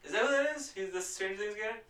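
A man's voice: high-pitched, fast, pushed and bright, far from the mic. A man who is a podcast guest, chatting in a laid-back way and laughing often. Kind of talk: casual chat. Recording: echoey room, off-mic.

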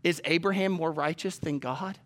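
A man preaching a sermon as pastor, firing rhetorical questions and swinging between emphatic raised lines and soft hushed ones. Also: fairly high pitch, moderate pace. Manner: asks the congregation many rhetorical questions.

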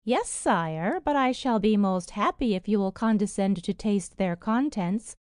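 A woman voicing a vain, scheming old duchess in a fairy tale, shrill and indignant. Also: animated, measured pace, darkish tone, smooth, no room sound, studio quality, lightly acted. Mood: haughty.

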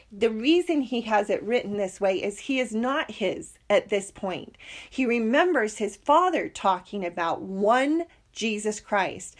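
Woman, middle-aged, earnest, heartfelt scripture teacher, mid pitch. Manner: earnest, heartfelt, reads verses slowly. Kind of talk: scripture lesson with personal story.

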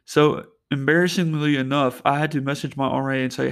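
A man's voice: medium pitch, fairly even intonation, a little fast, hardly any pauses, a bit bright. A young man hosting his own podcast, telling stories in a loose, rambling way full of fillers and restarts, talking from a parked car. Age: young adult. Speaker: podcast host. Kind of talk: casual solo storytelling.

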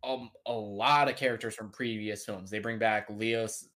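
A man's voice: on the low side, steady tone, moderate pace, fairly bright tone. A man chatting casually on a podcast, rambling and joking with lots of "like" and "uh" fillers. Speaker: podcast co-host. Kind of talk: casual chat.

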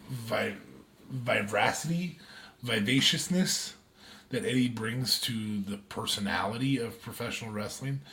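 A man co-hosting a casual podcast chat, hesitant, with many ums and restarts as he thinks aloud. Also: medium pitch. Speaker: podcast co-host.

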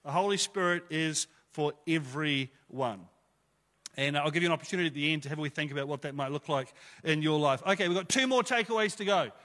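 A man's voice: on the high side, fast, fairly bright tone, in a large hall. A man preaching a sermon to his church, conversational and emphatic, with rhetorical questions. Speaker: pastor.

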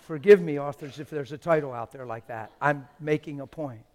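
A middle-aged man preaching with wild swings from excited shouting to hushed, intimate talk, breaking into playful laughing asides. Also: mid-range voice, normal speed, big-room sound. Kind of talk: animated sermon.

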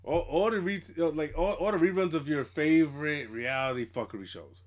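A man's voice: fairly high pitch, fairly quick. A man co-hosting a hip hop podcast, chatting casually with loose, profane, laughing banter. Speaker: podcast co-host.

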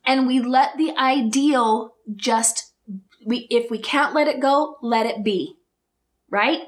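A woman hosting her own podcast, talking straight to her listeners with rhetorical questions, earnest and openly emotional. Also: sits high. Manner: earnest, emotional, speaks in slow emphatic bursts. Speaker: podcast host. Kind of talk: heartfelt solo podcast talk.

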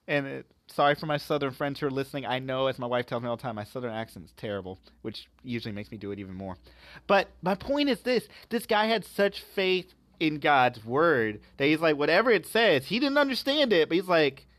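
Emphatic, animated male commentator. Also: fairly high pitch, fairly quick, dry recording. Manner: emphatic, animated, rhetorical questions. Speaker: podcast host and commentator. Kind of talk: religious and political commentary.

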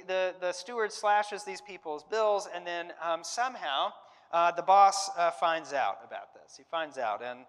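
In a long, reverberant hall, a man with a high-sitting, slightly bright voice teaches a Bible lesson in a conversational way. He works through his thoughts aloud, frequently hedging and starting over.

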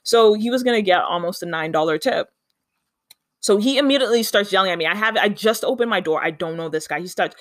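Animated vlogger telling a story, acts out the lines, dry sound. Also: medium pitch, quick pace, no room sound. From Canada. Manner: animated, chatty, acts out quoted dialogue. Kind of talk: casual storytime vlog.

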